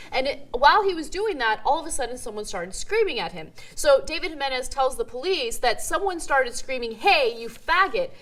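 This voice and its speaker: A woman's voice: sits high, a bit bright. Casual young woman reporting the news. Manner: casual, conversational, with fillers. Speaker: news show co-host. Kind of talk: online news discussion, reporting a story.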